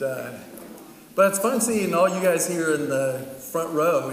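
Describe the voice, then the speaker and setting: A middle-aged pastor with a voice on the high side preaches a sermon, sharing a personal story in a casual, chatty manner with lots of laughter. He is far from the mic in an echoey hall, with faint ambient noise.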